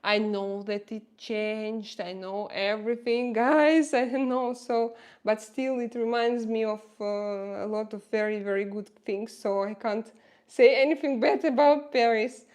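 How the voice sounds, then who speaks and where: A woman's voice: fairly high pitch, fairly even intonation, measured pace, a little mellow. A woman with a Russian accent hosting a casual livestream, chatting, reading viewer comments aloud and answering them, often laughing. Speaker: livestream host.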